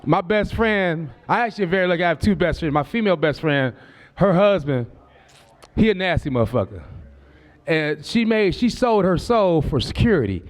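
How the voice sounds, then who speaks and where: Brash high-voiced comedian on stage. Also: male voice, lively intonation, moderate pace. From Southern California. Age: 40s. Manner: brash, profane, loose and conversational. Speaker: stand-up comedian. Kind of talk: stand-up comedy set.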